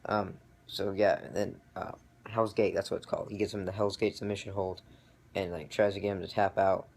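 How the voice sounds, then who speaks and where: A young adult man casually recapping a wrestling event, rambling and excitable, with many fillers and restarts. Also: deep voice, brisk, vocal fry, husky. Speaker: vlogger reviewing wrestling.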